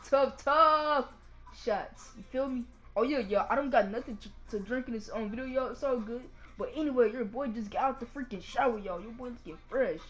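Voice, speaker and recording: A man's voice: very high voice, rough recording. A guy giving casual gameplay commentary, slangy and tacking a "y'all" onto nearly every phrase. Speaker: gaming channel host.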